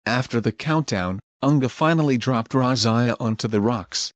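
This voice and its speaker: A man narrating scripted scene recaps in a plain, even manner. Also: medium pitch, normal speed, dry recording, dull audio.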